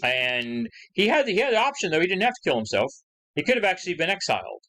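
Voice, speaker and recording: A male history teacher lecturing in a loose, conversational way, with his pitch swinging widely as he talks. He fills the talk with asides and fillers and acts out the questions he quotes with rising emphasis. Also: huge pitch swings, fast, sharp tone, low-quality recording. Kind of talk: recorded lecture.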